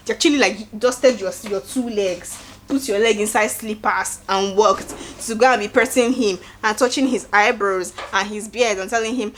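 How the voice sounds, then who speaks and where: A woman with a Nigerian accent giving a casual recap, acting out quotes in an animated way and adding preachy asides. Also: medium pitch, moderate pace, hardly any pauses, slight background noise. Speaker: show recap host. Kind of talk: casual reality-show recap.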